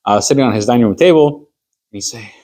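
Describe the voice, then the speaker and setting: A man's voice: mid-range voice, fast talker, dark tone. A man, a rabbi, teaching an informal class on Jewish law. He talks conversationally, walking through everyday hypothetical stories and acting out little scenes of quoted dialogue.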